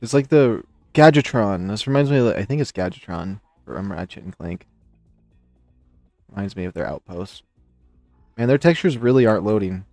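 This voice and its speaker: A man commenting casually on his game run, rambling and excitable, recovering from a few sick days. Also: fairly low pitch, moderate pace, long pauses, no room sound, faint music behind. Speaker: gameplay commentator. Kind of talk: casual let's-play commentary.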